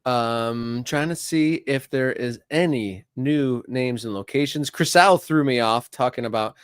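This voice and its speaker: A man's voice: mid-range voice, a little slow, clear, resonant tone, no room sound, studio quality. A man co-hosting a casual soccer live stream, easygoing as he reads out viewer chat. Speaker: soccer show co-host.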